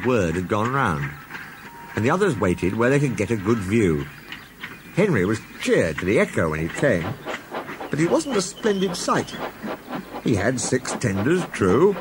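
A man narrating a storybook tale in a plain, steady way. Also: mid-range voice, moderate pace. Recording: loud music and crowd noise behind.

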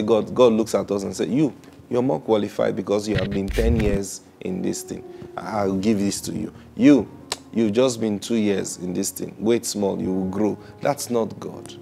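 A man preaching a sermon, emphatic, laughing often and climbing to loud high peaks on key lines. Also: creaky. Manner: laughs often between points.

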